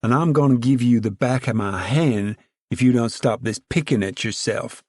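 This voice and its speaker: A man reads aloud in a lightly acted voice, pitched above his own, playing the stern, weary mother of a poor farm family who scolds in a rural drawl. His voice is mid-range and darkish at normal speed, recorded dry with studio quality.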